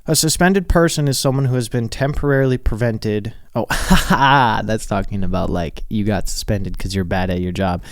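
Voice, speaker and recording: Young male podcast host from Minnesota, smooth resonant voice, dry close mic, loose and profane. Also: fairly low pitch, normal speed, hardly any pauses, no room sound. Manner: rambling, swears freely, laughs often. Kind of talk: casual solo podcast monologue.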